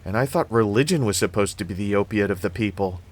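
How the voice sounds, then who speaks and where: A man's voice: on the low side, fast, lightly acted. A man voicing a wisecracking, jumpy teenage girl babysitter in a read-aloud story, with sarcastic quips.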